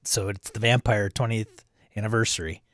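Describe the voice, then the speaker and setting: A man's voice: on the low side, steady tone, normal speed, fairly bright tone, no echo, clean studio sound. A man hosting a livestream, casually chatting and greeting viewers by name as he reads their comments. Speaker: livestream host reading chat. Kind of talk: casual chat.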